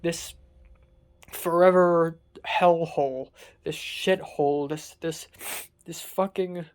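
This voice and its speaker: A young adult vlogger, pouring out an exasperated, sarcastic rant full of swearing. The voice sits at an ordinary middle pitch and sounds distressed and worn down. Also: fairly even intonation, slow, clear, resonant tone. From Hong Kong. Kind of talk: casual confessional vlog rant.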